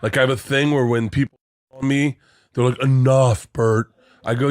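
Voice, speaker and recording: A man's voice: mid-range voice, steady tone, normal speed, dry recording. A man co-hosting a comedy podcast, telling stories with lots of swearing and acting out other people's lines. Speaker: podcast co-host. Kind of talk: animated comedic storytelling.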